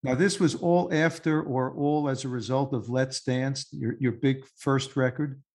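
A man's voice: medium pitch, fairly even intonation, measured pace, a little mellow. A man hosting an interview, steering the guest with conversational questions. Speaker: host.

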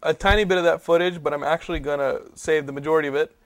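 Man, podcast host, slightly raised pitch, dry close mic, enthusiastic. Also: fairly even intonation, racing, no room sound. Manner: enthusiastic, laughs often. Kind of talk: casual chat.

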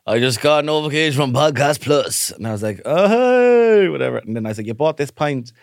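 A man's voice: medium pitch, quick pace, creaky, dry recording, studio quality. A man co-hosting a podcast, telling a story with lots of acted-out voices in casual chat. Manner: animated storyteller, acts out voices. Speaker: podcast co-host.

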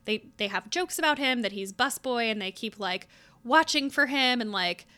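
Chatty young woman with a bright voice. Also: a little high, lively intonation, moderate pace. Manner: chatty, upbeat, many filler words. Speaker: podcast co-host. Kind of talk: casual chat about books.

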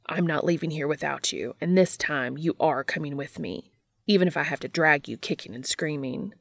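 A grieving, stubborn man speaks with urgent strain in a low, gravelly voice, read by a woman narrating fan fiction. The words come close and dry. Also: measured pace, darkish tone, no echo, heavily acted. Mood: defiant.

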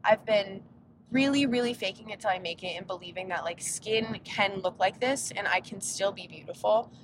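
A young woman hosting a casual solo podcast while driving, rambling and interrupting herself, sounding a little sick and tired. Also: normal speed. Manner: rambling, chatty, self-interrupting. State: sick, yawning. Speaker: podcast host. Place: inside a car on a road trip. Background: faint road rumble.

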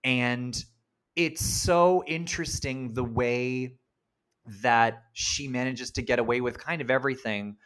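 A man co-hosting a casual film podcast, chatty and animated, quick to laugh and act out quotes. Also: mid-range voice, smooth. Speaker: podcast co-host.

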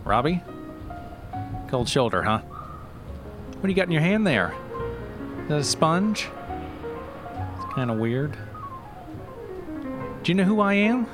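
A man's voice: on the high side, big pitch swings, slow pace, pauses often, over music, voice pushed up. A man playing a rambling old comedian host. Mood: chummy. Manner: stammering, hesitant restarts. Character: aging male comedian host, nostalgic, rambling. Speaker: show host. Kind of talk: comedy audio sketch.

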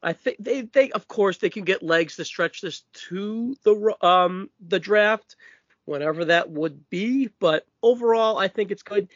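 A man with a Massachusetts accent hosting a podcast, his voice riding high for a guy. He talks brash and a little profane, tossing in quick asides. The sound is dull and lo-fi, close and dry. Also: fairly bright tone, no room sound. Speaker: podcast host. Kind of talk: casual wrestling podcast chat.

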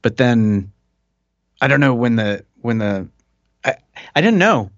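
Man, podcast host, animated, casual chat, dry close sound. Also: medium pitch, unhurried, no room sound, muffled recording. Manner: animated, talks with his hands.

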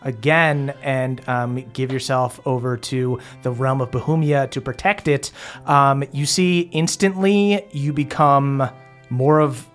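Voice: medium pitch, takes it slowly, soft background music. A game master narrating a tabletop game, playful and full of ums. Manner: lots of ums, playful, laughs easily.

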